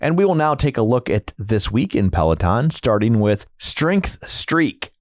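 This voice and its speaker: A man co-hosting a fitness news podcast in casual chat, joking in a wry, deadpan way. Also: medium pitch, a little slow, dry recording. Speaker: podcast co-host.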